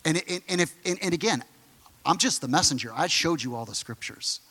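A pastor preaching a sermon emphatically, moving from excited bursts to hushed, quiet lines. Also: male voice, a little high, fairly quick, long reverb tail.

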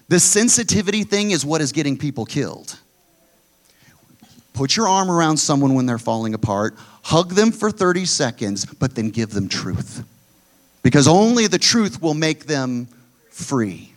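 A middle-aged man preaching a sermon as pastor, pushing phrases up loud and dropping others low and quiet. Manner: emphatic preaching, swinging between loud high pushes and low quiet drops.

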